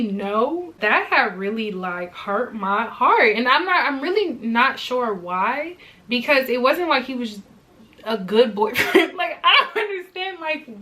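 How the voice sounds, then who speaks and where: A young woman vlogger telling a personal story in a chatty, animated way, often turning to her viewers. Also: a little high. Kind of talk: storytime vlog.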